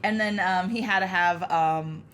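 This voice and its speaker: A woman's voice: on the low side, a bit bright, slight background noise. Giggly wry woman co-hosting a podcast. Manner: giggly, wry, quick asides. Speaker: podcast co-host. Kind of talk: casual film-review banter.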